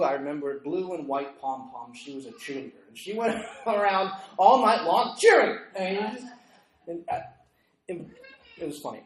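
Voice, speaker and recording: A man's voice: fairly high pitch, darkish tone, reverberant, low-quality recording. A middle-aged man preaching, telling a story from his congregation and acting out the people in it. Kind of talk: storytelling sermon. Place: church meeting room.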